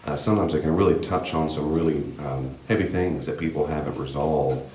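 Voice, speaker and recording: A man teaching a church class on grief, speaking in a gentle, reassuring, conversational way with frequent asides, on a handheld microphone in a church meeting room. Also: very deep voice, fairly quick. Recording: echoey room with faint background hiss.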